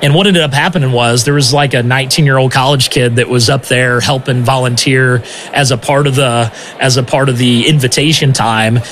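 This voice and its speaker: Animated man telling a testimony. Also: mid-range voice, a little fast, few pauses, slight background noise. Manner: animated, conversational, often says "man" and "right?". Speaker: missionary telling his testimony. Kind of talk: personal testimony storytelling. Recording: music bed under speech.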